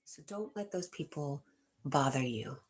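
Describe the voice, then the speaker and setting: Low husky woman hosting a livestream. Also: animated, a little slow. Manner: reads comments aloud and answers viewers directly, drops to a whisper at times. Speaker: livestream host reading viewer chat. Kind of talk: casual livestream chat.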